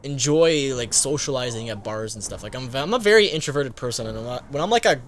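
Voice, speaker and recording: A man, a gaming YouTuber, telling a casual story-time vlog in a rambling way, full of fillers and quick laughs. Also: medium pitch, lively intonation, a little hiss or hum.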